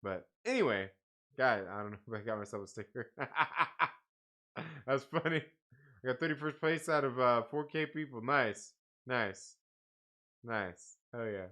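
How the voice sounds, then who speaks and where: A man's voice: medium pitch, lively intonation, measured pace, pushed and bright. A tired man hosting a casual live stream, reading out viewer comments and chatting in a rambling, profane way with frequent laughs. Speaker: livestream host.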